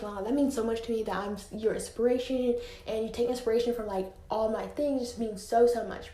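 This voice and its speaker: Teen girl rambling on her podcast, kinda high mellow voice, roomy echo. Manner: chatty, lots of "like" fillers. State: slightly out of breath. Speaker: podcast host. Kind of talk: casual solo podcast chat. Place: home room, indoors.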